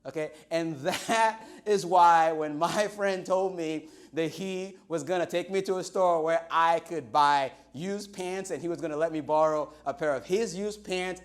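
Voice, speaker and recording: Man, Nigerian accent, middle-aged, pastor, livestreamed sermon, animated storytelling, drawn-out emphasis, fairly high pitch.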